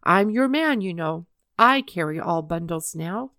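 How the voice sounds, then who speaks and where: A woman voicing an earnest, emotional young boy with a high, tearful, pleading voice. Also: expressive, a little slow, sharp tone, no echo, studio quality, full character voice. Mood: eager.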